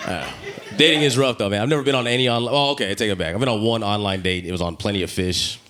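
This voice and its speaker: A young man doing a stand-up comedy set on a club stage, brash and crude, rising into shouted rants, into a handheld mic. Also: lowish voice, rapid-fire, crowd noise.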